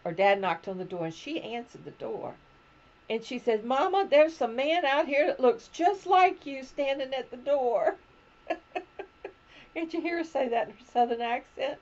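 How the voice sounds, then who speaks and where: A woman's voice: lowish voice, vocal fry, a little mellow, lo-fi sound, slight background noise. A woman in her seventies, hosting a crochet show, telling family stories in a rambling, casual chat from home. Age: 70s. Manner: rambling personal storytelling. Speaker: crochet podcast host.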